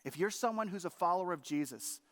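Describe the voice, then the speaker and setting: A man's voice: high-pitched, animated, fast. A middle-aged man preaching a sermon as a pastor, telling a personal story earnestly and quoting himself and his wife in changed voices.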